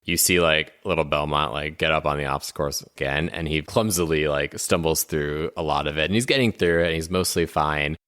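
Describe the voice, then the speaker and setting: A young man playing a tabletop game who complains in character and narrates the scene, often exasperated and whiny, with sudden high squeaks. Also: a little fast, hardly any pauses, a bit bright, clear, resonant tone, no room sound, clean studio sound. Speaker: player.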